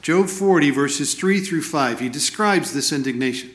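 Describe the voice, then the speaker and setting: A man's voice: on the high side, expressive, moderate pace, roomy sound. A man preaching a sermon, earnest and explanatory, reading scripture aloud between his own comments.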